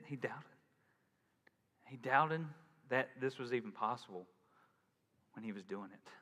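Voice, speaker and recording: A man's voice: mid-range voice, fairly bright tone. A male pastor preaching a sermon in a conversational way, acting out the voices he quotes. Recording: long reverb in a large hall.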